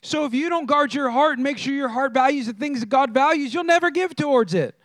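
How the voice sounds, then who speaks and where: A pastor preaching in a strikingly high male voice, talking casually and animatedly to his congregation. He repeats his key lines and keeps asking the crowd questions. The recording is dry and close, with no room echo. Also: brisk, fairly bright tone. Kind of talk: sermon.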